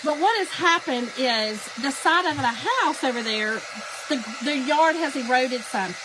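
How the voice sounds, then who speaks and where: A middle-aged woman, telling a story to her viewers in a casual, animated way and laughing often. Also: sits high, unhurried, background noise. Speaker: crafting livestream host.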